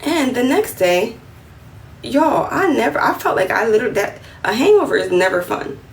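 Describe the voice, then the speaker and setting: A woman in her twenties with a New York accent, telling a story on a phone livestream in a lively, slangy way and acting out the other voices. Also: on the high side, normal speed. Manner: animated, slangy, acts out quotes in a raised voice. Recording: roomy, slightly distant phone audio with faint room noise.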